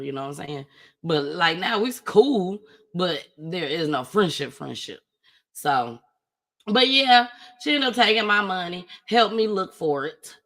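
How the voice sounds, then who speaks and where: Woman host, bright, forceful voice, animated casual storyteller with wide swings. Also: vocal fry. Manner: animated, with big swings in pitch and loudness.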